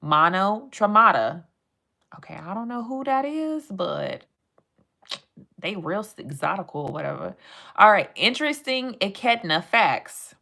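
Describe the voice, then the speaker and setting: Chatty woman with a bright voice. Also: medium pitch, sing-song, a little slow, creaky. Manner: playful, chatty, talks to chat and reads facts aloud. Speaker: live streamer. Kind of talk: casual live-stream chat.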